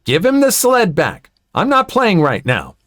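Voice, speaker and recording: A man voicing a fed-up young military mother who answers with sharp, indignant retorts. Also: fairly high pitch, sing-song, unhurried, no echo, clean studio sound, pitched above the performer's own voice. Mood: angry.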